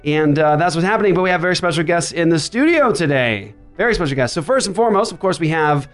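Guy hosting a radio show, kinda high voice, chatty and upbeat, light music behind. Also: expressive, fairly bright tone. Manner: upbeat, quick banter with frequent laughs. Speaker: podcast host. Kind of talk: casual radio show chat. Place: makeshift studio writers' room.

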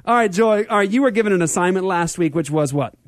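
A man hosting a radio talk show, telling stories and preaching with animated energy. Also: sits high, fast, no room sound. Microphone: studio microphone.

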